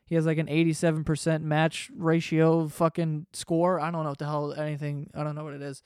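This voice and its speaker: Brisk profane man telling a story. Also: a little high, clear, resonant tone, dry recording, clean studio sound. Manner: profane, rambling, animated. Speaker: podcast host. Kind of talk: casual storytelling.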